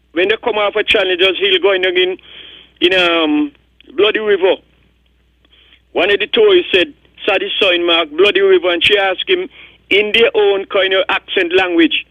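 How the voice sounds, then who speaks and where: An older man with a Kittitian accent calls into a radio show, rambling and repeating words as he comments. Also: sits high. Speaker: radio caller. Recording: muffled phone-line audio.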